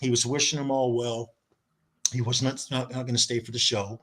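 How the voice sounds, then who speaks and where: A man telling a long anecdote as a podcast guest, animated and acting out quoted dialogue, over a video call. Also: mid-range voice, fairly quick. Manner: animated storyteller, acts out quoted voices. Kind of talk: casual storytelling chat.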